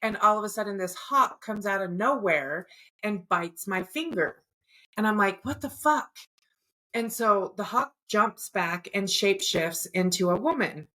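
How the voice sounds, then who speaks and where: A woman co-hosting a podcast, telling a dream in a casual, animated way with frequent swearing. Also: medium pitch, a little slow. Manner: profane, animated storytelling. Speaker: podcast co-host. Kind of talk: casual chat, recounting a dream.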